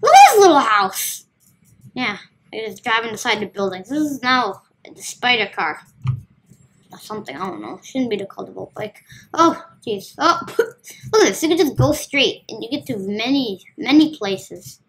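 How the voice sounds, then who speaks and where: A woman's voice: fairly high pitch, normal speed, a bit bright, a little hiss or hum. A woman giving casual, playful commentary as she plays a video game, talking to herself as she goes. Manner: chatty, playful, talks to herself while playing. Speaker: gaming video host.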